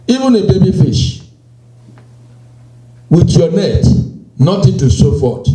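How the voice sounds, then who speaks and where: Slow, dark-voiced male preacher in an echoey church. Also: sits high, sing-song. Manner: slow and emphatic, repeating phrases and scripture. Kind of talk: sermon.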